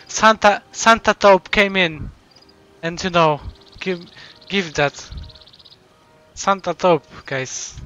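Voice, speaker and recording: A man's voice: on the high side, slow, bright, forceful tone, a little hiss or hum. A male live streamer thanking donors while overwhelmed and close to tears, stammering and repeating himself.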